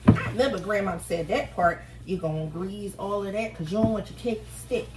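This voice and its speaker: A woman's voice: medium pitch, a little fast, very noisy. A middle-aged woman with a Philadelphia accent, chatting to her viewers as she bakes in her home kitchen. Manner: talks to viewers as "y'all", animated and self-deprecating. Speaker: home cook filming herself. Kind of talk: casual chatty baking vlog.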